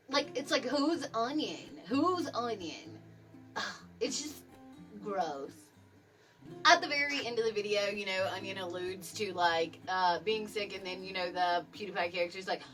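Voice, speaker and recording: A woman's voice: mid-range voice, a bit bright, recorded from a distance. A woman giving a casual commentary rant, exasperated and swearing, with a lot of "like" and "you know". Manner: exasperated, filler-heavy with frequent "like" and swearing. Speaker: commentary YouTuber.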